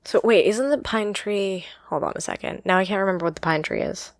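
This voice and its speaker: A woman co-hosting a podcast, chatting casually about a book, quick to laugh and often stopping to correct herself. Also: medium pitch, dry recording, studio quality. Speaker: podcast co-host. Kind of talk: casual book-discussion chat.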